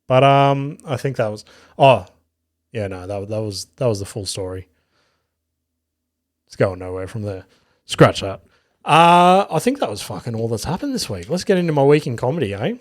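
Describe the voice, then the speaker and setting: A young Australian man spinning a yarn on his solo podcast, swearing casually and slipping into little acted voices for the people in the story. His voice sits at an ordinary middle pitch. The sound is close and dry, with no room around it. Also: moderate pace, long pauses, no room sound. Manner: profane, animated storyteller with acted quotes. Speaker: podcast host.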